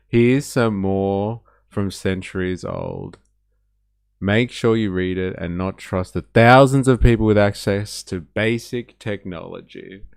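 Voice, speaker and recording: A low, gravelly-voiced man with an Australian accent gives mocking reaction commentary on a live stream. He swears freely and sounds openly incredulous. His voice is dry and close, with no room sound. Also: a little mellow, no echo.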